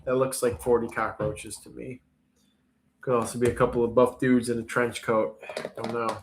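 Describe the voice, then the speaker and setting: This is a man hosting a casual live auction stream. His talk is playful and jokey as he chats through the lots. His voice sits at an ordinary, mid-range male pitch. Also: level tone, normal speed, noisy background. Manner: playful, jokey, chats while sorting and labeling. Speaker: livestream auction host.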